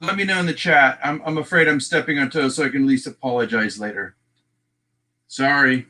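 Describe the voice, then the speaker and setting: A man's voice: mid-range voice, brisk, sharp tone. A man with a Texan accent hosting a casual livestream, chatting along and greeting viewers by name as he goes. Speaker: livestream host.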